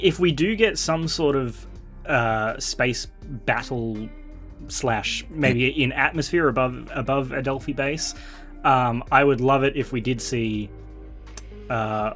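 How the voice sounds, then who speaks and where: A man hosting a casual chat, talking excitedly with many fillers and restarts. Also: medium pitch, measured pace, faint music behind. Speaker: podcast host.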